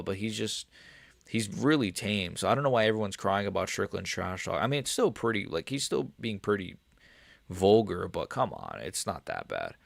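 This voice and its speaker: A man with a lowish, gravelly voice chats loosely with his viewers, swearing freely and wandering from thought to thought. The sound is dry and close, with no room around it. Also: expressive, normal speed, no room sound. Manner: profane, rambling, talks straight to chat. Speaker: MMA livestreamer. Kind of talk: casual livestream chat reacting to viewers.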